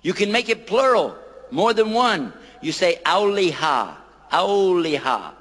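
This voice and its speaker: Slow-talking man, playful lecturer quizzing a crowd, reverberant hall. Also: high-pitched, very animated, a bit bright. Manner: playful, quizzing the audience, repeating words slowly. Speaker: lecturer on Islam. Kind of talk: lively public lecture to an audience. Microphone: microphone.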